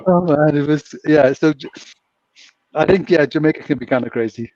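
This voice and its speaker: A man's voice: fairly high pitch, moderate pace, a little mellow, dry recording. A British man co-hosting a casual chat, telling rambling stories with frequent laughs. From Britain. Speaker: co-host. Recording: distant muffled mic.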